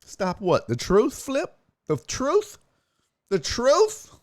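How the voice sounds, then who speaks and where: A man hosting a casual streamed sports talk show, profane and excitable, chatting with his viewers. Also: very high voice, slow pace, no room sound, studio quality. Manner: profane, excitable, talks to chat.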